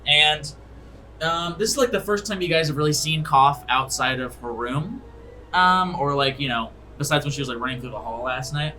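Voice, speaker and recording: A man's voice: fairly high pitch, normal speed, pushed and bright, slight background noise, rough recording. A young man narrating as game master, casual and filled with ums and likes.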